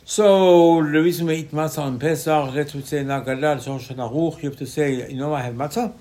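Rabbi in choppy, repetitive English. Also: male voice, a little high, steady tone, brisk, mellow. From Israel. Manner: choppy non-native English with many repetitions. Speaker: rabbi teaching Torah. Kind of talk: informal Torah class.

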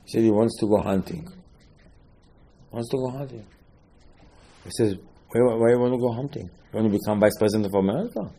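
Male preacher, husky, lively storyteller who shoots up in pitch when worked up. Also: fairly quick, long pauses. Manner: animated storytelling, rising to excited high-pitched outbursts. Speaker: rabbi. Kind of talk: sermon.

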